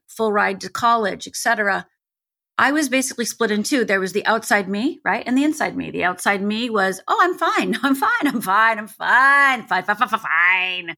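So a woman guest coach sharing her story candidly, sharp bright voice, gets really emphatic. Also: mid-range voice. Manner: vivid, intense, builds to emphatic peaks.

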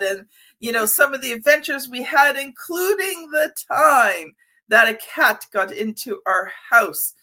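A woman hosting a conversational podcast, her voice sitting a bit high and sounding bright and forceful. She tells personal stories expressively, shifting her delivery to land the funny moments. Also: normal speed. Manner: lively, expressive storyteller. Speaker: podcast host. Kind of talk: conversational interview.

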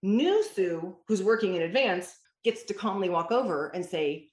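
A woman's voice: medium pitch, animated, normal speed, darkish tone. A woman who mentors parents, answering interview questions in an emphatic, storytelling way. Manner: emphatic, storytelling with quoted dialogue. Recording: roomy echo.

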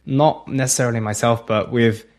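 A man's voice: mid-range voice, fairly even intonation, normal speed. A man hosting a podcast, asking long, thoughtful questions in a casual interview. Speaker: podcast host.

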